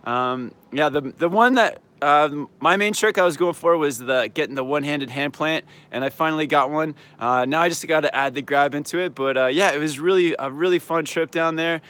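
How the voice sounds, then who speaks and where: A slightly hoarse man hosting a casual live-stream Q&A outdoors, laid-back and upbeat, with lots of "um" and "yeah". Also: a little high, brisk, hardly any pauses, fairly bright tone. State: slightly hoarse, losing his voice. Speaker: snowboard coach and channel host. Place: outdoors in a mountain town. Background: faint traffic and plane noise.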